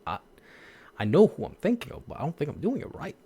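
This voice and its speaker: A man's voice: fairly high pitch, huge pitch swings, quick pace, warm tone, slightly rough. A young man voice actor chatting casually with viewers, rambling with lots of "like" and laughing at himself. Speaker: voice actor streamer. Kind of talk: casual chat.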